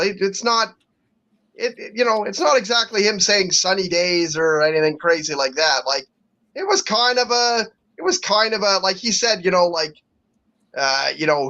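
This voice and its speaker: A man's voice: a little high, fairly bright tone. A man co-hosting a podcast, talking bluntly in rambling casual chat, full of fillers and restarts. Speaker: podcast co-host. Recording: dull lo-fi audio.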